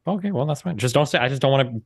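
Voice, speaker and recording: A man's voice: medium pitch, very fast, creaky, dry recording, studio quality. A man, a streamer on a debate panel, firing off emphatic, sarcastic rebuttals. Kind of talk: heated debate.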